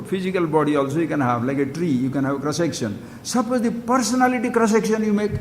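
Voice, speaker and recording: A man giving a spiritual discourse as a teacher, speaking emphatically and putting questions straight to his listeners. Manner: emphatic, questions listeners directly, wide swings in pitch and loudness. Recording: long hall reverb with faint background hiss.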